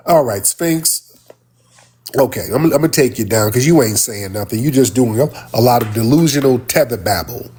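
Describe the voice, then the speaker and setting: A man hosts a live stream and scolds a caller, repeating "sir" with sharp disdain. His voice is husky and somewhat high for a man. His pitch leaps around a great deal as he argues. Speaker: livestream host. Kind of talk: heated live-stream argument. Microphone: phone or desktop mic on live stream.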